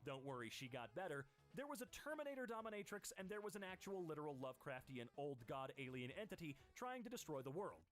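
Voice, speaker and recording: Lively high-voiced man reading posts. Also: soft background music. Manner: animated, quick voice switches between posters. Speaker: host. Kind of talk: comedic reading of internet posts.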